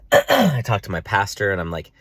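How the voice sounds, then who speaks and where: Deep-voiced man telling a rambling vlog story. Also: moderate pace, slightly rough, dry recording, studio quality. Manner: rambling, animated retelling with many fillers; jumps to a high excited pitch when reenacting himself. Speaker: vlogger. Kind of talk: casual personal vlog storytelling.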